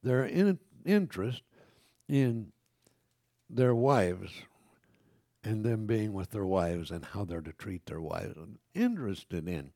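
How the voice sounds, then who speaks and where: A man's voice: fairly low pitch, big pitch swings, slow, warm tone, dry recording, clean studio sound. An older man preaching a sermon, reading scripture aloud and turning to the congregation with conversational asides, with frequent self-corrections.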